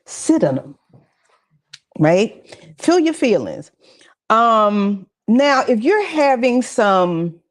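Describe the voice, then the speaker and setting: A woman's voice: mid-range voice, darkish tone. A woman giving a conversational, encouraging mental health talk at a church session, with casual asides to the audience. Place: church gathering with audience responses.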